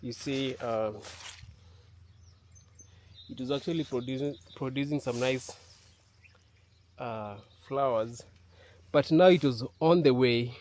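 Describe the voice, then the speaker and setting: A man talking casually to his camera in an outdoor yard, halting with many fillers. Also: mid-range voice, a little mellow. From Kenya. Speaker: vlogger. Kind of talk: casual vlog talk to camera.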